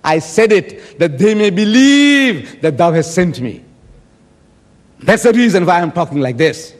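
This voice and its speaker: A man's voice: high-pitched, very animated, unhurried. A man giving an emphatic, argumentative debate speech and acting out the words he quotes. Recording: long hall reverb.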